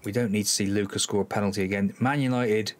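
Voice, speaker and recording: A man's voice: lowish voice, fairly even intonation, fast talker. A man hosting a football management let's-play, commenting live on the match, exasperated and sighing, talking to his players. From Cornwall, England.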